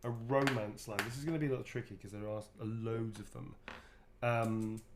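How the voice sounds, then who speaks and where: A man's voice: mid-range voice, steady tone, normal speed, noisy background. A man chatting casually on a livestream while signing autographs, joking, laughing and swearing freely.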